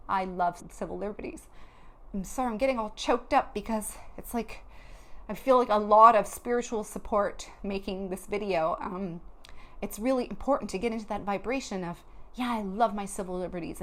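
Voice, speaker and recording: A woman speaks to her viewers at an ordinary middle pitch, earnest and heartfelt. Her talk is loose and unscripted, full of small restarts as she coaxes them toward a better outlook. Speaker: spiritual vlogger. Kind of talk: earnest motivational talk to camera.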